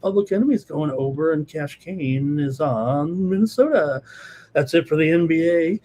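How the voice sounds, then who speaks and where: A male sports betting show host giving live analysis, talking fast with many fillers and reading out viewer comments. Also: fairly high pitch, a little mellow, slight background noise.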